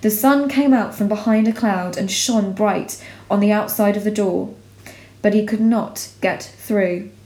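Female narrator for a children's fantasy read-aloud; steady, expressive, mid-range voice in a roomy space. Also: medium pitch. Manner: measured, expressive reading aloud. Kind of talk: storybook reading. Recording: roomy echo.

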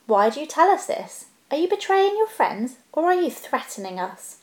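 A woman's voice: high-pitched, very animated, normal speed, voice pushed up. A woman voicing a stern, suspicious grown man who speaks grimly and bluntly. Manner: grim and blunt. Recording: roomy echo.

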